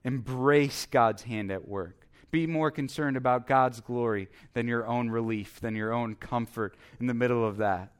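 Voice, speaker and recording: A man's voice: medium pitch, unhurried, few pauses, smooth. A man preaching a sermon as the pastor, earnest and emphatic, repeating his exhortations.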